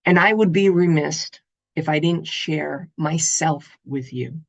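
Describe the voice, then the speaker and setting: Expressive woman giving a motivational talk. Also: sits low, slow pace, gravelly, dull audio. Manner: expressive, animated storytelling. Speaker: motivational speaker. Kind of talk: summit talk to an online audience.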